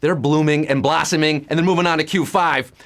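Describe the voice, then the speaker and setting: Playful high-voiced man hosting trivia. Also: fairly even intonation, a little fast, a bit bright. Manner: playful, punning, swooping up and down in pitch. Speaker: game show host. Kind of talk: live trivia game hosting.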